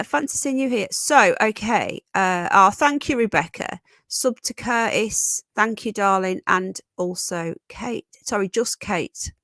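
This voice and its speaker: A woman hosting a casual live stream, congested from a sinus infection, greeting viewers warmly as darling and sweetheart and swearing bluntly. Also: mid-range voice, no echo, studio quality. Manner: chatty, affectionate, calls viewers darling and sweetheart.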